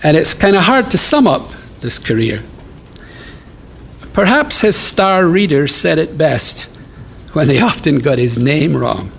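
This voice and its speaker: A man's voice: on the high side, big pitch swings, measured pace, vocal fry, a little hiss or hum. A man introducing an award honoree with an affectionate, lightly humorous speech.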